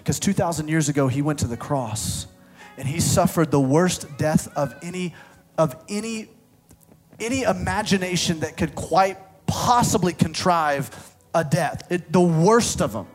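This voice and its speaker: A man preaching, his voice sitting a little high for a man. He shifts between loud, excited reading and hushed, intimate appeals, with joking asides along the way. Soft music plays underneath. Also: measured pace. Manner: playful asides with laughter. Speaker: pastor. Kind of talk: sermon.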